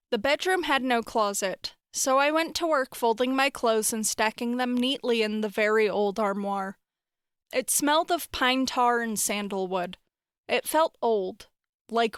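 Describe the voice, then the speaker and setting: A woman narrating a horror story in a wry, expressive storytelling manner. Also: on the high side, smooth, no room sound, clean studio sound.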